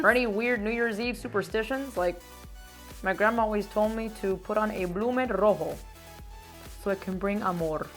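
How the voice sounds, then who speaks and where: A young woman from Miami, vlogging casually about her year, animated and emphatic, dropping Spanish words and swearing. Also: mid-range voice, moderate pace, soft background music. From Miami, United States. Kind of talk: casual year-end vlog.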